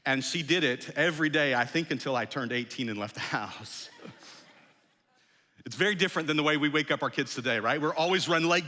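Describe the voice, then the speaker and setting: A man, a pastor, preaching a sermon in a conversational storytelling way that often drops soft and low. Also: lively intonation, moderate pace. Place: large church hall. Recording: long hall reverb.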